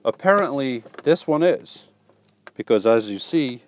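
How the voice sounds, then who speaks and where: A man's voice: medium pitch, expressive, unhurried, a little hiss or hum. Joking man hosting a live stream. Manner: joking, reads viewer comments aloud; stumbling restarts, playful teasing. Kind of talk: casual live stream chat.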